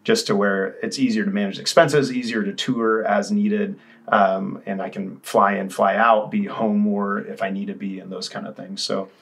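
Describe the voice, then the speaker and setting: A man's voice: fairly low pitch, level tone, normal speed, gravelly, fairly bright tone. A man in his thirties, a musician guest, telling his story candidly in a casual interview, rambling with restarts.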